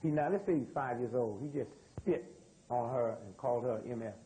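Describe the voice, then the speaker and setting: Here a man from the United States gives a call-and-response lecture before an audience, rambling through stories in a drawl and questioning listeners throughout. He talks a little fast in a warm, mid-range voice, captured on a low-quality recording with slight hiss or hum.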